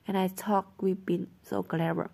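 A woman's voice: medium pitch, flat delivery, normal speed, vocal fry, warm tone. A woman reading a novel aloud, voicing a young teenage girl skater who is eager and emotional and speaks in a small, pleading voice.

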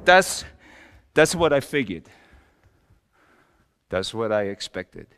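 A man's voice: on the low side, very animated, slow, fairly bright tone, slight background noise, heavily acted. A man, a pastor, playing a wry and exasperated Joseph the carpenter in a joking, self-mocking first-person sermon monologue with big emphatic swings. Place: church sanctuary. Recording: long reverb of a church hall.

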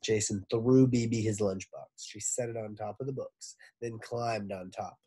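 A man, a teacher, reading a children's book aloud with expressive narration. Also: lowish voice, moderate pace, slightly rough. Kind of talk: storybook read-aloud.

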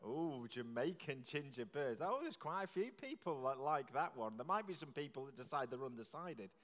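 A man leading a church service, jokily quizzing the congregation with quick questions. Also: mid-range voice, big pitch swings. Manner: jokey, chatty, quizzing the audience with quick questions. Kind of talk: playful all-age talk with the congregation. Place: large church with long reverb. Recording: echoey church from a distance.

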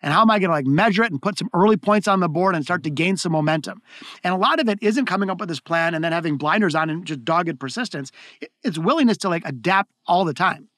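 A man with a high voice tells his stories in a rush, tripping over restarts and repeating words as he goes. The sound is dry and close, with no room in it. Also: animated, fast talker, a bit bright, no room sound. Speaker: guest, keynote speaker. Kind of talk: conversational interview storytelling.

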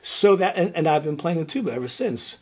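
A middle-aged man from Brooklyn, an interview guest telling lively stories and acting out voices, with lots of "like" fillers. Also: fairly high pitch, fairly quick, a little hiss or hum. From Brooklyn, New York. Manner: animated, acts out voices, many "like" fillers. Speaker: guest musician. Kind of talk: casual interview storytelling.

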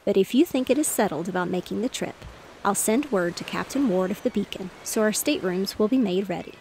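A woman reading the part of a cheerful, reassuring father in a bedtime storybook, with a slightly gravelly voice. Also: medium pitch, animated, a little fast, a little mellow, slight background noise, natural voice. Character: cheerful fatherly man, fish merchant.

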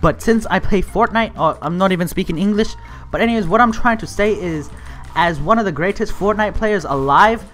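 A young man hosting his gaming channel, giving rambling, excitable commentary while he plays and often yells at the game. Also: sits high, fairly quick, soft background music.

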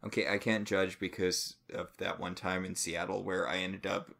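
A man's voice: sits low, flat delivery, normal speed, gravelly, fairly bright tone. Incredulous man podcast co-host. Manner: incredulous, ranting, swears. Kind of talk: casual book-club chat.

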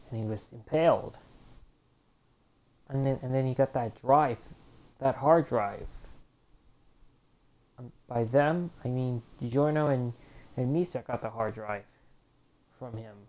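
A woman's voice: a bass voice, a little slow, long pauses, mellow. A woman casually commenting on a fighting game as she plays, reading move descriptions aloud and groaning when she loses. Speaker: gameplay commentator. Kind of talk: casual let's-play commentary.

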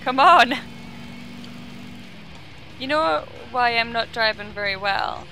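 A woman's voice: fairly high pitch, normal speed, sharp tone, slight background noise. A woman playing a video game in a casual let's-play chat, giggly and playful. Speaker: gamer playing.

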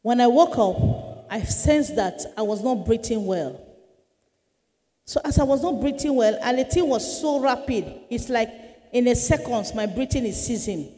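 A woman's voice: on the high side, lively intonation, normal speed, dark tone. A woman evangelist, telling her testimony earnestly and dramatically in a church hall. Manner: earnest storytelling, dramatic shifts. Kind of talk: testimony sermon.

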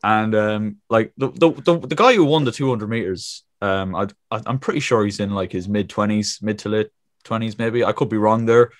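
A man's voice: fairly low pitch, normal speed, dry recording. A 21-year-old man co-hosting a casual podcast, laid-back, swearing freely and laughing often. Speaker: podcast co-host.

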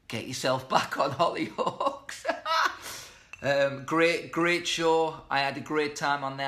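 Bright-toned chatty man. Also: mid-range voice. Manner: chatty, reads out viewer comments, self-deprecating. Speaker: live stream host. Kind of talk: casual live-stream chat. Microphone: webcam or phone mic.

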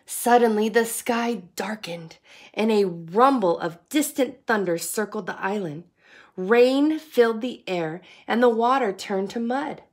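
A woman reading a picture book aloud to children in an expressive, sing-song way, like a teacher. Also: on the high side, a little slow. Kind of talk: storybook read-aloud.

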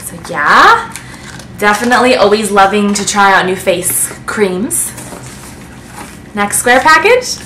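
Bright-voiced, gushing woman. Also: mid-range voice, slow, long pauses, a little hiss or hum. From United States. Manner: gushing, excitable, breathless with delight. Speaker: beauty vlogger. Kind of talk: casual unboxing chat to camera. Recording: echoey room.

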